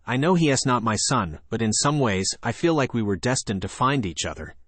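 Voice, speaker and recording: A man voicing a grieving woman who is tenderly obsessed with a painting, speaking softly and pleadingly. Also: medium pitch, animated, brisk, no echo. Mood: insistent.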